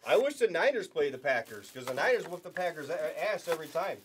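A young man talks easily and casually as he hosts a live sports card break, chatting and joking with the people watching. His voice sits a little on the high side. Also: big pitch swings, quick pace, fairly bright tone, slight background noise. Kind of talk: casual live stream chat.

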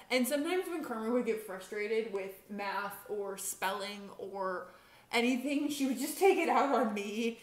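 A woman's voice: fairly high pitch, expressive, a little slow. A young woman hosting a casual vlog, telling a story in a rambling way with lots of fillers and restarts. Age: young adult. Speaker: vlog host. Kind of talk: casual chat. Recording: echoey room, faint hiss.

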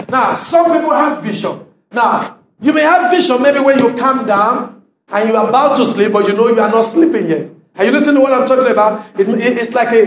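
A male pastor preaching a sermon in church, emphatic, often asking the congregation if they are listening and rising to shouts. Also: extremely high pitch, reverberant, a little hiss or hum, low-quality recording.

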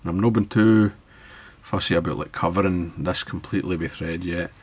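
Narrating a fly-tying tutorial while he works at his desk, a Scottish-accented man stays easygoing and thinks out loud. His low voice is a little mellow and slightly rough, with fairly even intonation at a moderate pace.

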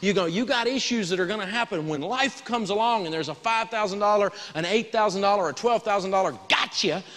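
A man teaching a live personal finance lesson in a folksy, animated way, prompting the audience to answer back. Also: sits high, big-room sound.

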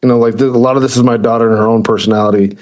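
A man's voice: medium pitch, fairly even intonation, racing, darkish tone. A man co-hosting a podcast, chatting casually in a mid-range voice. He rambles, circling back on himself with many fillers and restarts. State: choked up with emotion. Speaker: podcast co-host. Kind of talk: casual chat.

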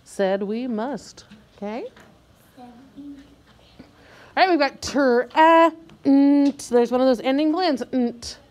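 Slow, patient woman teacher. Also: sits high, darkish tone. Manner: slow, clear, patient, drawing out words. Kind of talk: reading lesson for young children.

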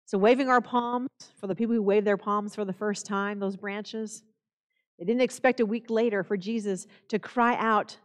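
A woman's voice: mid-range voice, steady tone, in a large hall. Solemn woman pastor preaching. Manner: slow, solemn delivery with quoted scripture. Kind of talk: sermon. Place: church sanctuary.

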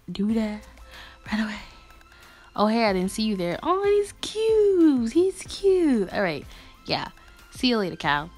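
A young woman vlogger chatting casually and gushing as she reads fan messages aloud. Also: mid-range voice. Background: faint music.

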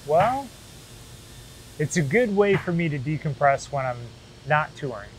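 A man from Michigan, a guest in a casual interview, telling a story in a relaxed way with lots of fillers. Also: on the high side, unhurried, a little hiss or hum, rough recording. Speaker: guest, bassist and machine shop manager.

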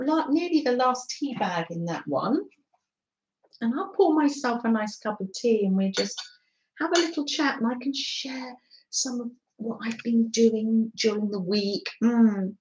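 A woman with a North London accent chatting casually with her live-stream viewers, giggling often and reading out their comments. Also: fairly high pitch. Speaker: craft live-stream host. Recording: echoey room, slightly dull sound.

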